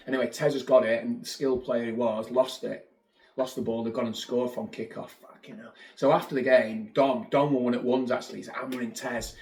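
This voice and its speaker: A middle-aged man, a former footballer telling animated stories as a podcast guest and acting out what people said. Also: medium pitch, normal speed, creaky. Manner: animated anecdotes, acts out quotes. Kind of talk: casual storytelling chat. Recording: roomy echo.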